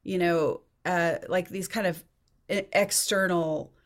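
A woman's voice: fairly low pitch, steady tone, slow pace. Thoughtful woman therapist in her forties. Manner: thoughtful, searching for examples, restarts. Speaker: guest therapist. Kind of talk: podcast interview.

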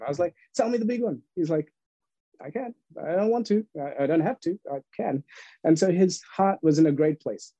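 Podcast guest: husky, mellow-toned man, quick acted-out anecdotes, muffled dry sound. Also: a little high, no room sound. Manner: animated storyteller, laughs often, acts out dialogue. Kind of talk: casual storytelling interview.

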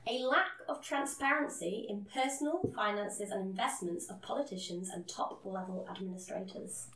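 A woman's voice: mid-range voice, moderate pace, fairly bright tone, echoey room. A woman co-hosting a podcast in casual chat, with a dry, sarcastic manner. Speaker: podcast co-host.

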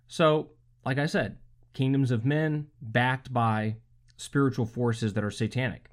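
A man's voice: mid-range voice, normal speed. A man preaching a sermon in a loose, conversational way, often checking in with the listener through rhetorical asides. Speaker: pastor.

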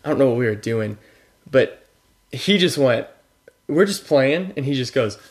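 A man's voice: mid-range voice, lively intonation, moderate pace. A young man co-hosting a podcast, chatting casually with dry, self-deprecating humor. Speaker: podcast co-host. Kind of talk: casual chat.

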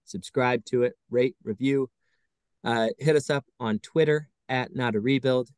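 A man's voice: mid-range voice, measured pace, darkish tone, clear, resonant tone, no echo, clean studio sound. A man hosting a podcast, talking baseball in a casual, wry, self-mocking way. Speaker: podcast host.

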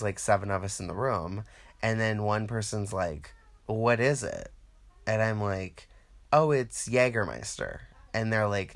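Casting: man, low-pitched, loose and profane, comic rant that acts out other people's lines. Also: vocal fry. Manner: rambling, profane, animated quoting of others. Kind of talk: casual comedic monologue.

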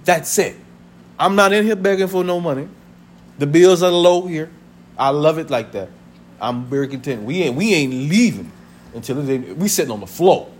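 Animated, high-pitched preaching man. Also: normal speed, a little hiss or hum. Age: 30s. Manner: conversational preaching with laughter and acted family voices. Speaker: pastor. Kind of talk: sermon. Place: church sanctuary.

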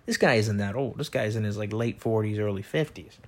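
A man's voice: lowish voice, a little fast. A man hosting a podcast, telling rambling, profane stories about his neighbors in a casual, meandering way with lots of fillers and restarts. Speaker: podcast host.

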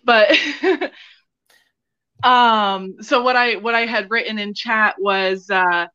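A woman joins the stream as a guest over a remote call. She speaks slowly in a bright, slightly high voice, giggly and hesitant. Her audio is dull and dry. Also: steady tone, clear, resonant tone, no echo. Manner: giggly, hesitant, lots of ums. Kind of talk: casual chat over a call.

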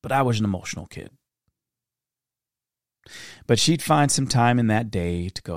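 A middle-aged man hosting a reflective solo podcast, talking earnestly in a storytelling way that turns soft-spoken at times. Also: medium pitch, animated, normal speed, long pauses, no echo, studio quality. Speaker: podcast host.

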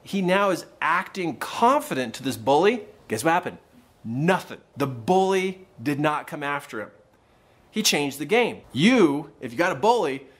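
Man, motivational podcast host, very expressive melody, slightly high voice, storyteller. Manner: animated storyteller acting out quoted voices. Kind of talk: motivational talk. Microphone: podcast microphone.

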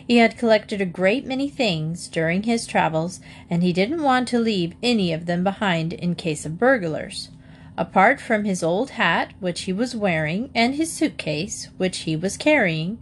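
A woman narrating a children's storybook in a steady, measured reading voice. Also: mid-range voice, a little hiss or hum. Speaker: audiobook narrator.

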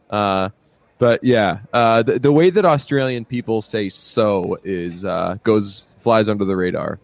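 A man with a fairly low voice, recorded with no echo, co-hosts a podcast. He chats casually and rambles, with plenty of fillers and laughs.

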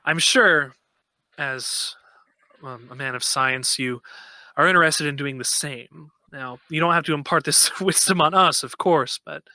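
A man playing a thoughtful human starship commander, halting and searching for words. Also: fairly high pitch, pushed and bright, dry recording, exaggerated voice. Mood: earnest.

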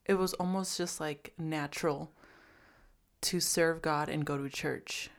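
Reflective woman with a deep voice. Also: steady tone, a little slow. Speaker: guest. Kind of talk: casual personal testimony.

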